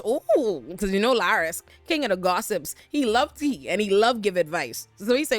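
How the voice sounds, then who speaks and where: A woman's voice: lowish voice, lively intonation, a little fast, a bit bright, no room sound, faint music behind. A woman casually recapping a TV episode, retelling scenes and acting out characters' lines with big jumps in her voice. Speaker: TV recap host.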